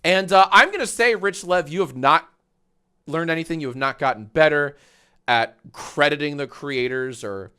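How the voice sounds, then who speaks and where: A man's voice: fairly high pitch, moderate pace, sharp tone, smooth. A man hosting a casual livestream, reacting to videos with sarcastic, profane rants. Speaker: livestream host.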